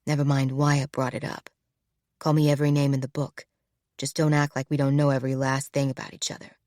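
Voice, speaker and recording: A woman voicing a protective ex-soldier man with a low, clipped delivery. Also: steady tone, moderate pace, a little mellow, no room sound, studio quality, close to an everyday voice. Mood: intimate. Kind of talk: audiobook character voice.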